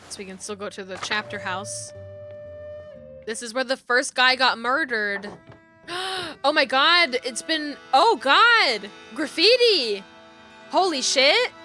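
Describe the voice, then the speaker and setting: A woman's voice: high-pitched, animated, a little slow, pushed and bright, soft background music. A young woman streaming a game live, reading its text aloud and reacting with gasps, shrieks and lots of swearing.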